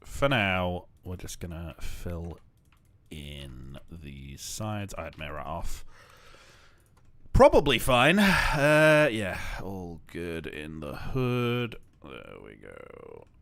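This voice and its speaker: A man's voice: rumbling low, very animated, extremely slow, gravelly, a bit bright, no echo. A young man who develops games, streaming casually as he works and keeping up a joking, rambling self-talk full of fillers. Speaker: game developer streaming his work. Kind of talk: casual live-stream commentary while building.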